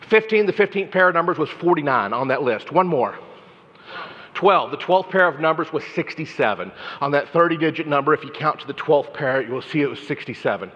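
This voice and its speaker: Animated man on stage in an echoing hall. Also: on the high side, fairly quick. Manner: animated, repetitive, addresses audience members by name. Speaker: memory trainer giving a keynote. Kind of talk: energetic stage talk to a live audience. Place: large conference hall. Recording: hall reverb, dull lo-fi sound.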